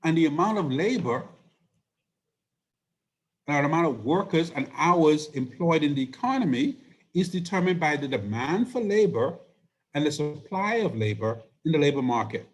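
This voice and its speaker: A man teaching an economics class, hoarse and losing his voice, explaining step by step and asking rhetorical questions. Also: a little high, big pitch swings, moderate pace. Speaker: economics instructor. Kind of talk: recorded lecture.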